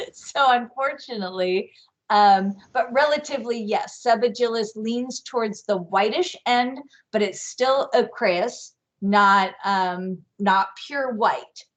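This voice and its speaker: A woman teaching bee identification on a video call, explaining slowly and carefully with frequent fillers. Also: a little high, fairly bright tone. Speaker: guest bee expert. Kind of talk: live online workshop teaching.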